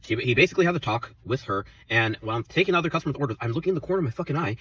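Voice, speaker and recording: A man's voice: medium pitch, lively intonation, very fast, fairly bright tone, distant mic, dull audio, slight background noise. A man in his twenties telling an angry, profane story about his workplace, rambling and heated. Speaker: vlogger.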